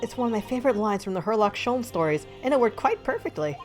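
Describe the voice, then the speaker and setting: Woman reading as a spirited young female assistant, polite, cheerful, lively up-and-down delivery. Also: fairly high pitch, quick pace, faint music behind, voice pushed up, close to an everyday voice.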